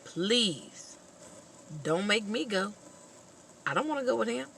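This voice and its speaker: A woman's voice: medium pitch, expressive, slow pace, vocal fry, fairly bright tone, slight background noise, voice pushed up, full character voice. A woman voicing a scared young boy as he pleads with his mother not to make him leave, in a whiny, begging way. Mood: pleading.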